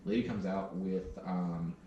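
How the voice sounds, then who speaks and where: A man hosting a casual podcast chat, telling stories with animated delivery and laughing in the middle of them. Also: sits low, measured pace, dull audio. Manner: animated storyteller, laughs mid-story. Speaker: podcast host. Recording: roomy, distant mic, faint hiss.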